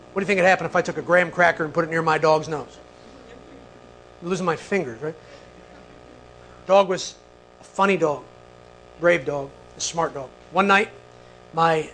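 A man telling a personal story to an audience, animated, with quick asides to the listeners. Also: a little high, slight background noise, poor audio. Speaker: speaker.

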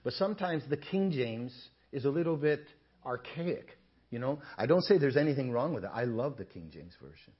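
Husky-voiced man preaching, lively pitch. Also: highs cut off. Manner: conversational, asks the congregation questions. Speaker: pastor. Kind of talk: sermon with scripture reading.

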